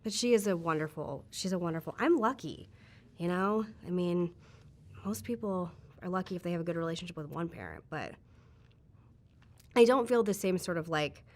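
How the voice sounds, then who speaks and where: Woman, low register, candid interview guest, reflective, filler-heavy. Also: lively intonation, normal speed. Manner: chatty, frequent "like" fillers, reflective.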